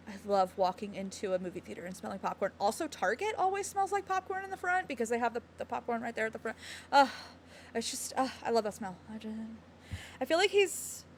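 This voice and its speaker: A woman streaming from home in casual live-stream chat, giggly and rambling as she talks to her chat. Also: a little high.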